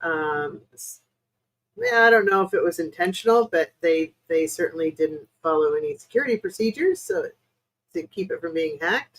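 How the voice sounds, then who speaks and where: With a low voice whose pitch swoops wildly, an American woman hosts a live stream as a spiritual reader at normal speed, and the audio is poor. She answers viewers' questions hesitantly and at length, with many fillers, apologizing and chatting with them.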